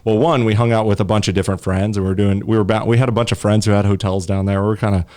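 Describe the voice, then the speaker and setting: A man's voice: lowish voice, level tone, very fast, darkish tone. Joking young man telling stories. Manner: joking, storytelling, jumps into mock voices. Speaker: podcast co-host. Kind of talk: casual chat.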